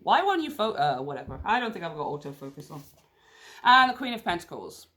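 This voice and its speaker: A woman reading tarot cards to camera in a chatty, gushing way, prone to excited outbursts. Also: lowish voice, fairly quick. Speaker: tarot reader.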